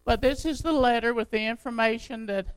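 An older man preaching a sermon to his church in a folksy, conversational way, his voice unsteady and jumping in pitch. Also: a little fast, smooth, dry recording, low-quality recording. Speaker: pastor.

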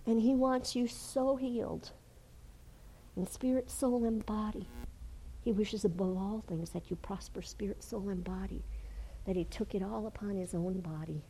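A woman preaching a sermon and telling a healing story, dropping to hushed whispers and then rising to loud, fervent exclamations. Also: mid-range voice, moderate pace, slight background noise, low-quality recording. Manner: storytelling with acted quotes.

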